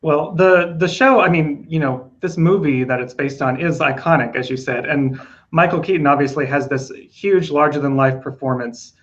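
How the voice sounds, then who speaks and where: A man's voice: fairly high pitch, moderate pace, muffled recording. Eager male interviewer. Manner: eager, fan-like questioning. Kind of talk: interview questions.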